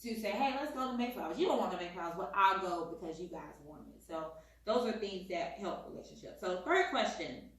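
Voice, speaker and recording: A soft-spoken woman, calmly asking questions in a casual chat with her partner. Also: medium pitch, fast. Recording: echoey room, distant mic.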